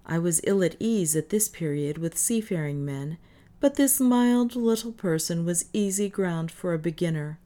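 A woman reading a first-person novel aloud in measured audiobook narration. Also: lowish voice, warm tone. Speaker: audiobook reader. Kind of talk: scripted narration.

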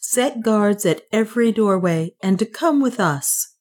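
A woman's voice: mid-range voice, expressive, measured pace, a little mellow, voice pushed up. A woman reading the part of a young woman posing as a goddess-queen, giving formal, commanding orders.

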